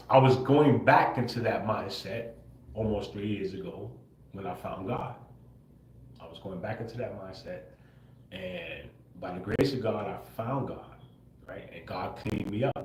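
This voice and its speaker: A man's voice: fairly low pitch, a little mellow, a little hiss or hum. Laid-back man talking to his viewers. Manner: talks to viewers with frequent "bro" and "right?", laughs often; swears casually. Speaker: livestream host. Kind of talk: casual livestream monologue. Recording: roomy echo.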